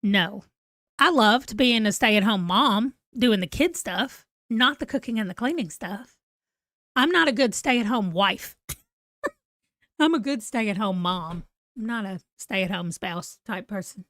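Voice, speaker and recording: A woman's voice: medium pitch, animated, slow, fairly bright tone, dry recording, clean studio sound. A woman in her forties, chatting casually and rambling to viewers on a live stream. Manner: rambling, chatty, self-deprecating. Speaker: book vlogger.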